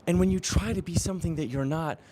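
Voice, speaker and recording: A man's voice: on the high side, fast talker, dark tone. Earnest man giving a spiritual pep talk. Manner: earnest, affirming, chuckles often. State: exercising while talking. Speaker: spiritual coach. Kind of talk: live-streamed motivational talk.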